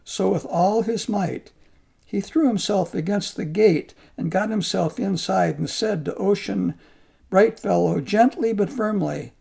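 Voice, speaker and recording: A man calmly narrating a folk tale in a measured storybook style. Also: high voice, creaky, husky.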